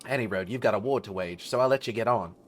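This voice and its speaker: A man voicing a gruff veteran male mercenary officer, talking bluntly with rough slang. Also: fairly low pitch, fast talker, soft background music, lightly acted.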